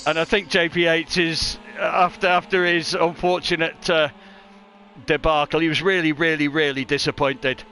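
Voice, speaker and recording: A man's voice: a little high, level tone, normal speed, pushed and bright, a little hiss or hum. A man doing live race commentary on a stream, chatty and joking at his own expense. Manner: chatty, joking, self-mocking.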